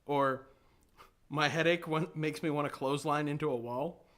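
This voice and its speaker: A man with a fairly high, bright, forceful voice, chatting on a podcast. He reads out funny lines from his phone with an amused, laughing delivery. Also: steady tone, moderate pace. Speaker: podcast participant. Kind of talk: casual podcast chat.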